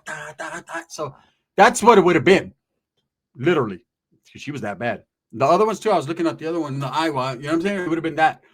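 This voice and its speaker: A man telling a story in casual, profane street slang, constantly checking in with "right?". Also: fairly high pitch.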